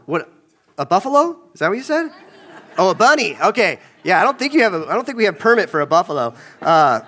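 A man's voice: high voice, sing-song, fast, bright, forceful tone. A man pastor leading a children's sermon in a large church, playful and talking right to the kids. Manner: playful, addressing kids directly.

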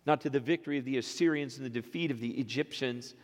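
Man in his fifties preaching in a reverberant sanctuary. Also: fast. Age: 50s. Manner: swings from quiet low phrases to loud, rising exclamations. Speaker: pastor. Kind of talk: sermon. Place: church sanctuary. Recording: long reverb of a church sanctuary.

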